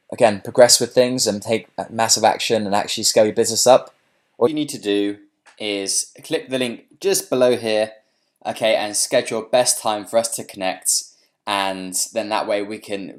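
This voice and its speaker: A man giving a webinar sales pitch as a business coach, pushing viewers to take action and often saying "okay" and "look". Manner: pushy, repeats "okay" and "look".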